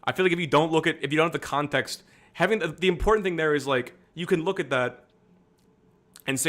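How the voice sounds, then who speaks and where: A man's voice: on the high side, fast, a bit bright. Rambling young man streamer. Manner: rambling, candid, self-deprecating, with frequent fillers and restarts. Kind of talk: casual political commentary stream.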